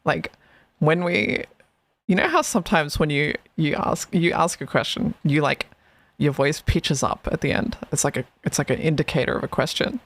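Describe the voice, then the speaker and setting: Woman streamer, gravelly voice, casual rambling live-stream commentary, lots of fillers. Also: low-pitched, lively intonation, moderate pace. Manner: rambling, filler-heavy, laughs often. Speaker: streamer reacting to a video.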